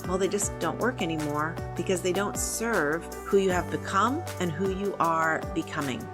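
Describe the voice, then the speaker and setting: A woman's voice: fairly low pitch, normal speed. Woman podcast host over music. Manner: gentle, reflective, asks probing questions. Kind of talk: reflective podcast host address. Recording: voice over clear background music.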